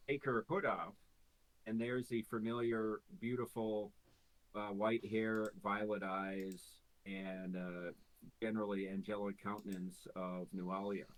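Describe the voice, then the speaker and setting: A man narrating as game master of a tabletop game, slow and halting with many fillers. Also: low-pitched, flat delivery, low-quality recording.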